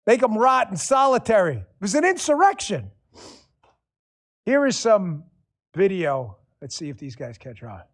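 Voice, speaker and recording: A man's voice: sits high, wildly swooping pitch, a little fast, hardly any pauses, fairly bright tone. A man hosting a political talk show, delivering a sarcastic, combative monologue and swearing freely. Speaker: show host.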